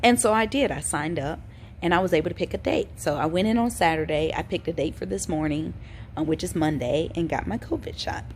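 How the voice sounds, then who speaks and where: A woman's voice: low-pitched, a little fast, a little mellow, a little hiss or hum. Tired woman chatting to camera. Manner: chatty, informal, addresses viewers as y'all, frequent ums and sighs. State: tired, yawning; recovering from throat illness. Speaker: vlogger. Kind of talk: casual chat to camera.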